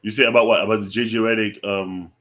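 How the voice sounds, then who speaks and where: Laid-back low-voiced man on sports talk. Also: fairly even intonation, quick pace, a bit bright. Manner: laid-back, thinks aloud with ums, lots of mm-hmm. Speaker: podcast co-host.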